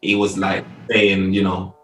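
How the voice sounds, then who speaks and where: A man with a low voice chimes in on a casual football discussion in a laid-back, slangy way. He sits away from the mic, and the room around him sounds echoey. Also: monotone, measured pace, fairly bright tone, recorded from a distance, soft background music. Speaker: football podcast panelist. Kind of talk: casual post-match chat.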